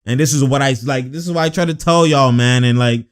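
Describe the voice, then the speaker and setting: A man giving casual, slang-filled reaction commentary on basketball footage, animated and exasperated. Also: mid-range voice, fairly quick, smooth.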